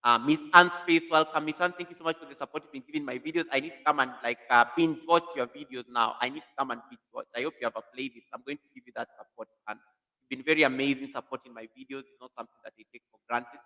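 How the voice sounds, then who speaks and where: A man's voice: mid-range voice, fast talker, sharp tone. A man hosting a casual live stream, animatedly greeting viewers by name while testing a new computer mic in an echoey room.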